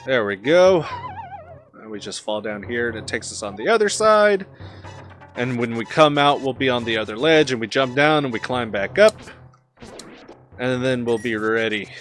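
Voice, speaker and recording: Bright, giggly man narrating gameplay. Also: medium pitch, lively intonation, normal speed, faint music behind. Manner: giggly, self-mocking, chatty. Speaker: let's play host. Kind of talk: casual gameplay commentary.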